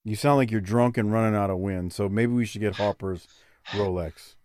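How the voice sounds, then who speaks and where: A man hosting a casual wrestling chat podcast, excitable and profane, stretching words for emphasis. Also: fairly low pitch, normal speed, no room sound, studio quality.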